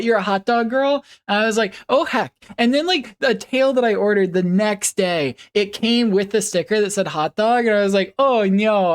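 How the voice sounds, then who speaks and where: A woman streamer chatting casually with her viewers, rambling and giggling, with playful puppy noises. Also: medium pitch.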